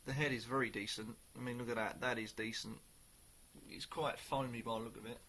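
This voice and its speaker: A man's voice: medium pitch, fairly even intonation, a little fast, bright, forceful tone, a little hiss or hum. A man talking casually through a beer review, rambling a little and full of ums. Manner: chatty and rambling, with many ums.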